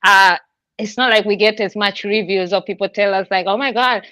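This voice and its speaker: A woman's voice: medium pitch, steady tone, moderate pace, sharp tone, no echo. A woman hosting a podcast, talking in an effusive, heartfelt way and laughing often. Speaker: podcast host. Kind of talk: emotional casual chat.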